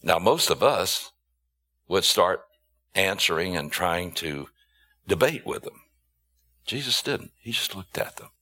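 A man preaching a sermon, emphatic, with rhetorical questions and drawn-out stressed words. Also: low-pitched, lively intonation, bright, forceful tone.

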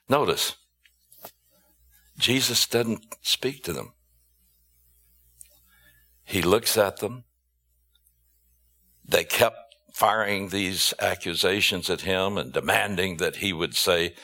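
A man preaching a sermon, emphatic, with rhetorical questions and drawn-out stressed words. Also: sits low, lively intonation, pushed and bright.

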